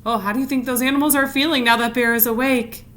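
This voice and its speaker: A woman reading a picture book aloud to children, pausing to ask them questions in an animated way. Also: fairly high pitch, a little hiss or hum. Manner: animated, asks listeners questions. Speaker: read-aloud teacher. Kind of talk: storytime read-aloud for children.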